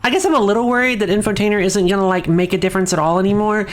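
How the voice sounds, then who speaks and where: A woman's voice: mid-range voice, rapid-fire. A young woman streaming a game, chatting casually, laughing often and reading the on-screen text aloud. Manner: chatty, giggly, self-correcting.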